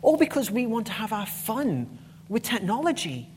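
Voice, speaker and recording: A woman's voice: a little high, very animated, moderate pace, a little mellow, a little hiss or hum. A woman giving a conference talk, passionate and emphatic, with blunt swearing when annoyed. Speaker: conference speaker.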